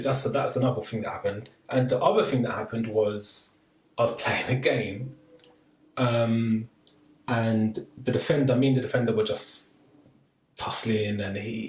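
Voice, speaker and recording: A man telling a story in a casual podcast chat, animated and acting out the voices of the people he quotes. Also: medium pitch, normal speed. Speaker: podcast co-host. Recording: echoey room, slightly distant mic, faint noise.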